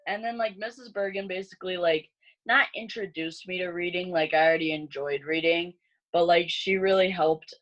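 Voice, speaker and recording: A young woman in her late teens reminisces in a relaxed, chatty way, filling her speech with "like." Her voice sits on the low side. The recording sounds dull and lo-fi. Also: normal speed. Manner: chatty, peppered with "like" fillers. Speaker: high school senior. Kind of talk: casual chat between classmates.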